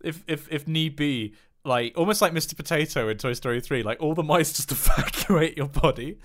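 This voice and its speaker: A man's voice: on the high side, normal speed. A young man, co-hosting a casual podcast and spinning silly scenarios while laughing often. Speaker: podcast co-host. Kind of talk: casual chat.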